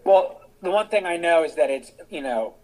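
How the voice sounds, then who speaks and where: A man's voice: a little high, animated, moderate pace, mellow, poor audio. A middle-aged American man, a guest on an interview podcast, explaining his views in a discursive, thinking-aloud way. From United States. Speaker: guest, author and veteran.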